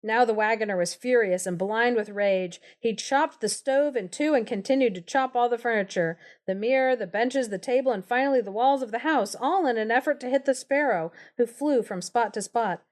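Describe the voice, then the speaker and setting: A woman's voice: a little high, moderate pace, few pauses. A woman telling a fairy tale on a live stream, narrating steadily and breaking off for playful, giggly asides. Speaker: storyteller, podcast co-host.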